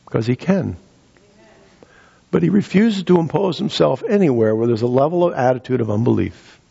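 A man preaching a sermon as pastor, earnest, repeating words and rising in pitch for emphasis. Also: animated, moderate pace, vocal fry, dark tone, husky, lo-fi sound.

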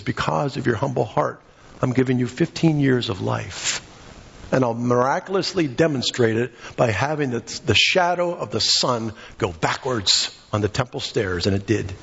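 A man's voice: mid-range voice, normal speed, vocal fry, a bit bright, highs cut off. A man preaching a sermon with passion, acting out the voices of the people in his story. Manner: impassioned, acts out quoted voices.

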